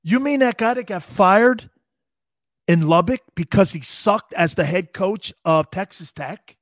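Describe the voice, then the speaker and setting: A man's voice: sits high, measured pace, no echo, studio quality. A man hosting an opinionated sports talk radio show, brash, rambling and joking.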